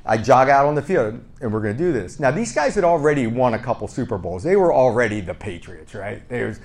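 A man's voice: mid-range voice, a little fast. A man guesting on a podcast, telling stories casually and playfully. He pokes fun at himself and acts out both sides of the conversations he describes. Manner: lively, re-enacts dialogue with "I go, he goes"; self-deprecating and playful. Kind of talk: casual anecdotal storytelling.

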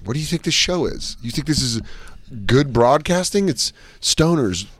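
Wry, expressive man telling stories. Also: a little high, moderate pace, husky. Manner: rambling, wry, self-deprecating. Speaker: comedian guest. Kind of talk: casual comedic storytelling. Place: radio studio.

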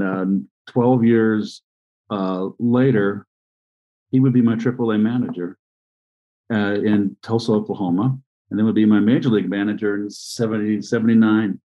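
An older man in his sixties, telling rambling stories in a fairly low voice. The recording sounds dull and lo-fi, and he often trails off and restarts mid-sentence. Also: mellow. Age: 60s. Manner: rambling, anecdotal, frequent restarts and pauses. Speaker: interview guest, former baseball player and manager. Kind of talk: conversational storytelling.

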